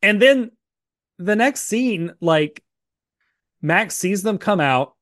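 A man's voice: high-pitched, lively intonation, slow pace, fairly bright tone, no room sound, clean studio sound. A man co-hosting a podcast, chatting casually as he recaps a TV episode, full of "like" fillers and acted-out snippets of dialogue. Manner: chatty, many "like" fillers, acts out bits of dialogue. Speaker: podcast co-host.

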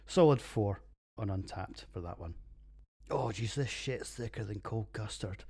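A middle-aged man with a Scottish accent talks through his beers in a loose solo podcast. His voice sits a little low, and he is crude, sweary and jokey, with a rough pub-banter manner. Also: moderate pace, mellow. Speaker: podcast host reviewing beers. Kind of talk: casual solo podcast monologue.

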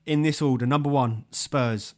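A man's voice: mid-range voice, normal speed. A young man co-hosting a football podcast in casual chat, laughing easily and calling his co-host mate. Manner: chatty, laughs easily, says mate a lot.

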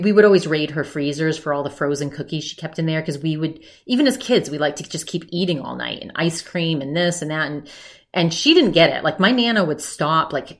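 A woman hosting a podcast, chatting casually and rambling as she retells a conversation full of "he's like" quotes. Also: deep voice. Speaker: podcast host. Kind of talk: casual recap chat.

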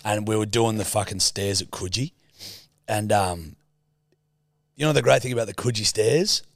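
A man's voice: on the low side, moderate pace, vocal fry, no room sound, studio quality. A young Australian man co-hosting a podcast, telling a rambling story with plenty of swearing. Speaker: podcast co-host. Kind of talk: casual banter.

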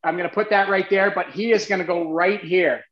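A man telling a long story in a casual, animated way, full of restarts. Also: high-pitched, a little fast, reverberant, lo-fi sound. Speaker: guest, former goalie.

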